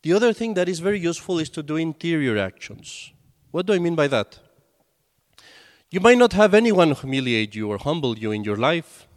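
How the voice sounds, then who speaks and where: A man's voice: fairly high pitch, very animated, a little fast. A man, a priest, giving a conversational sermon and telling stories with acted quotes. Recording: long hall reverb.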